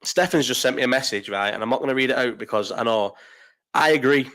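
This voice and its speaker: A man's voice: mid-range voice, fast, fairly bright tone. A young man hosting a casual live chat, blunt and rambling, swearing freely and restarting his sentences. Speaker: live stream host.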